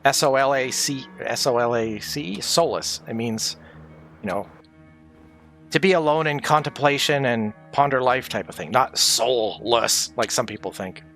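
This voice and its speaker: Bright-voiced man telling stories, swearing freely. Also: medium pitch, moderate pace, soft background music. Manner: profane, animated, laughs often. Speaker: livestreamer recalling his audio engineering days. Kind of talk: casual storytelling on a livestream.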